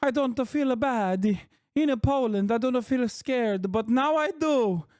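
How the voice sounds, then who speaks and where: A man's voice: very high voice, unhurried, a little mellow, clean tone, no room sound, studio quality, voice pushed up. A man putting on a mocking, exaggerated voice of a frightened Italian woman tourist.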